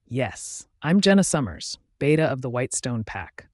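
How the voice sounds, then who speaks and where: A man voicing a fierce teenage girl werewolf beta, reading her lines in a raised, shouting pitch. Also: big pitch swings, moderate pace, dry recording, clean studio sound. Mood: defiant.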